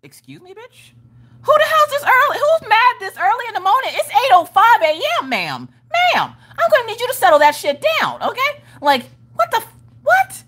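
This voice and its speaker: A woman putting on a shrill, rude receptionist. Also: wildly swooping pitch, normal speed, exaggerated voice. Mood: indignant. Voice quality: shrill, shouting, profane.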